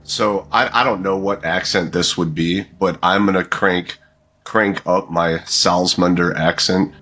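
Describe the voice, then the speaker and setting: A man's voice: sits low, steady tone, measured pace, sharp tone. A man playing a tabletop game, hesitant and playful at the table. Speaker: player.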